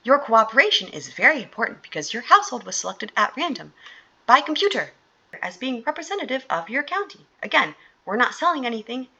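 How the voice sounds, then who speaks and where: A woman's voice: fairly high pitch, sing-song, fairly quick, sharp tone, breathy edge, voice pushed up, heavily acted. Woman putting on a chirpy survey caller. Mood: mock-cheerful. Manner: mock-cheerful, sing-song reading. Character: chirpy female phone survey caller, overly polite.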